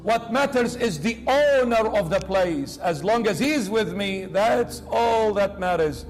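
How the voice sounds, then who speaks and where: A man's voice: sits high, animated, unhurried. A man preaching a sermon with dramatic emphasis, acting out the voices of the people he quotes.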